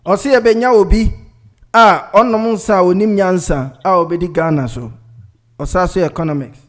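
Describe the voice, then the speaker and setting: A man hosting a radio call-in show, greeting callers briefly and warmly. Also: high-pitched, normal speed. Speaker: radio host.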